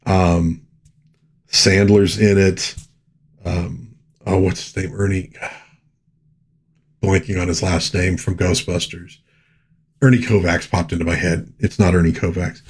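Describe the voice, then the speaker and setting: A man's voice: sits low, level tone, unhurried, pauses often, breathy edge. A middle-aged man hosting a casual live stream, chatting with enthusiasm and rambling through lots of fillers. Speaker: host.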